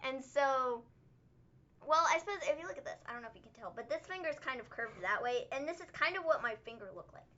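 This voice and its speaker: A high, bright woman's voice that swings up and down as she tells a story and laughs often. She co-hosts a casual chat, and the audio is slightly dull and lo-fi. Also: fast talker. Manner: giggly, animated storyteller. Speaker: co-host.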